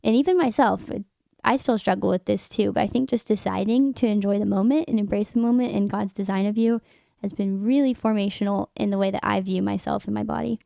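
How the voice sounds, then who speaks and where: A woman's voice: mid-range voice, steady tone, a little fast, creaky, warm tone, no echo, clean studio sound. A young American woman, a guest writer, speaking earnestly and reflectively in a casual faith-based radio talk. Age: young adult. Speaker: guest, magazine staff writer.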